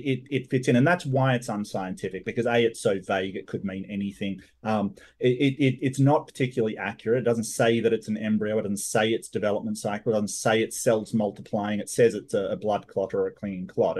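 A man rebutting in a debate, animated and restarting his sentences as he goes. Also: fairly low pitch, fairly quick, hardly any pauses.

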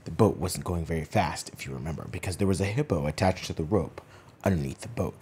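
A man telling an improvised children's bedtime story, often dropping into a hushed whisper for suspense. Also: low-pitched, fast, a little hiss or hum.

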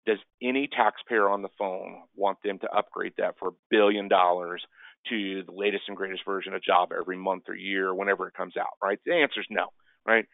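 A man's voice: low-pitched, fairly even intonation, brisk, creaky, no echo. A man giving a casual webinar presentation, chatty and tagging sentences with "right?". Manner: chatty, peppers speech with "right?". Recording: tinny phone-line sound, dry.

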